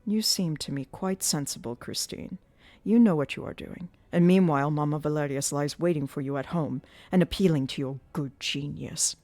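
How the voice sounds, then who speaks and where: A woman's voice: deep voice, moderate pace, warm tone, no room sound. A woman voicing a jealous young male nobleman who speaks with bitter sarcasm in a classic novel audiobook. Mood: pleading. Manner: sarcastic, reproachful.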